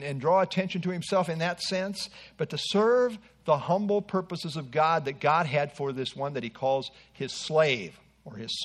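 A man's voice: high voice, a bit bright. A man preaching an earnest expository sermon with asides to the congregation.

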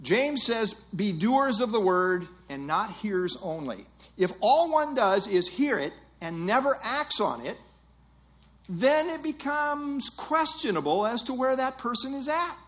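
High-voiced man preaching a sermon. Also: sing-song, measured pace, a bit bright. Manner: earnest, emphatic teaching with rhetorical quotes.

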